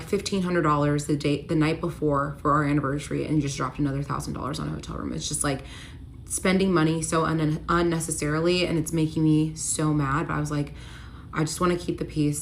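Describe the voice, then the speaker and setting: A young woman with a fairly low voice tells a personal story straight to the camera in loose, casual storytime fashion. She acts out what both people said as she goes. A faint hiss of room noise sits under her voice. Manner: animated retelling, quoting both sides in voices. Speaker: storyteller vlogger.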